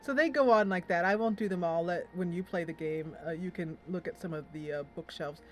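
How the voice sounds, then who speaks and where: A woman's voice: on the low side, a little fast, slight background noise. A woman hosting a game playthrough, chatting and reading the game text aloud. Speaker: gameplay host. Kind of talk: let's play commentary.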